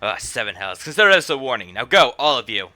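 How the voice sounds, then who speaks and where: A man's voice: mid-range voice, big pitch swings, quick pace, sharp tone, no echo, soft background music. An actor playing a harsh male patrol officer in a game cutscene, barking commands and threats. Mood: dismissive.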